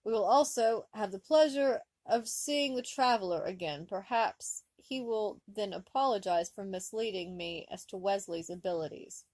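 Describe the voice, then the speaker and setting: A woman voicing a stern older male starship captain in a put-on Gaelic accent, speaking slowly and formally. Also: mid-range voice, a little mellow, dry recording, lightly acted. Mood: dignified. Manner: slow, measured and formal.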